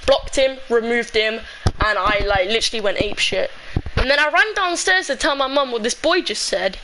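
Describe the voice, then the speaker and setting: A woman's voice: on the high side, brisk, sharp tone, a little hiss or hum, low-quality recording. A young woman telling a personal story in a casual, emotional, rambling way, full of "like".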